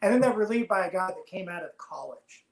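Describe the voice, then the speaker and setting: A man, a former submarine officer, telling lively stories as a podcast guest and laughing often. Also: high-pitched, quick pace, gravelly, echoey room, poor audio. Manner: animated storyteller, laughs while telling. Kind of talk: storytelling in casual podcast chat.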